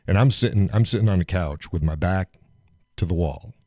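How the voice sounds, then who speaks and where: A man's voice: low-pitched, moderate pace, warm tone, no echo, clean studio sound. A middle-aged man hosting a live show, casually retelling a story, acting out quotes, swearing freely and laughing often.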